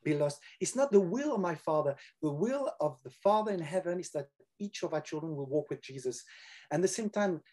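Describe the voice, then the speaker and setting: An older man whose first language is French, talking earnestly about faith and prayer in a halting way, often repeating words. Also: on the high side, animated, dark tone. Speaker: guest. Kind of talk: casual Christian conversation.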